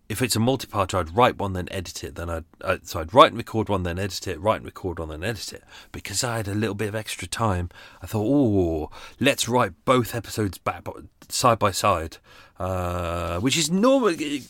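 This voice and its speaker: A man's voice: lowish voice, fairly bright tone, no room sound. Chatty London man rambling. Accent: London English. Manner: chatty, sweary, self-mocking asides. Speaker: vlogger living on a boat. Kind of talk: casual rambling monologue. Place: on a narrowboat, making coffee.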